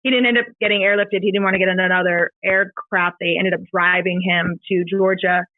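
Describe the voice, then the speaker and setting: A middle-aged woman, a podcast guest, retelling a painful personal story in a halting, emotional way, with many fillers and restarts. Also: lowish voice, level tone, dry recording. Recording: dry, tinny phone-like sound.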